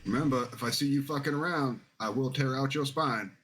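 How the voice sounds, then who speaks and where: A man's voice: medium pitch, a little fast, a bit bright, a little hiss or hum, lightly acted. Man putting on a cursing Southern warrior. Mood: threatening. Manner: swearing, groaning through pain. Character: gruff wounded male warrior, crude and blunt.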